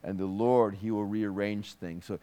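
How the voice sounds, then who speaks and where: A man's voice: on the low side, fairly even intonation, normal speed, smooth. A man who is a minister, praying and speaking personal prophecy to a congregant in a church, in a conversational, joking manner. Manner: warm, conversational, joking asides.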